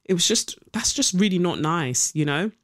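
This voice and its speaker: A young podcast host, talking casually and reading headlines aloud. The delivery is opinionated and sarcastic, full of likes and ums, with a middle-of-the-road pitch. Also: expressive, moderate pace, a bit bright.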